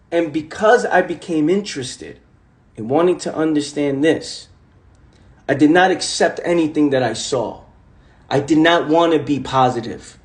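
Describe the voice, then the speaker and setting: A man in his twenties gives a casual, intense motivational monologue on a live stream, full of repeated rhetorical questions and swearing. His voice is on the high side and unhurried, and the room he's in is echoey.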